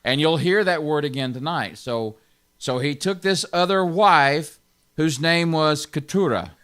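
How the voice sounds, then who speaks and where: A man's voice: fairly high pitch, unhurried, fairly bright tone, clean tone. A man pastor giving an informal Bible teaching, stressing key words and chuckling often.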